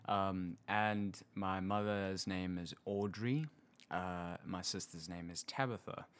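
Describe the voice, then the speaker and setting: A young man from South Africa with a South African accent, casually explaining his home as a podcast guest, easygoing and quick to laugh. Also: low-pitched, steady tone, a bit bright.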